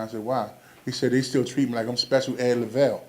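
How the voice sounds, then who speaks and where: A man's voice: medium pitch, flat delivery, fast. A man doing a stand-up comedy set, telling stories animatedly and acting out quoted voices.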